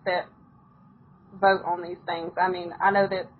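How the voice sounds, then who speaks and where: A woman's voice: lowish voice, little pitch movement, a little slow. A talkative woman chats casually as an author on a podcast. Her stories run on loosely and she laughs easily. The sound is muffled, with a little background noise. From United States. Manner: chatty, storytelling, laughs often. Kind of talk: casual interview chat.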